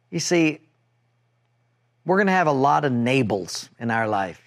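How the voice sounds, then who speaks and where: A middle-aged man preaching a sermon, telling a personal story and acting out an argument in a raised, animated voice. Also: on the high side. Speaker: pastor.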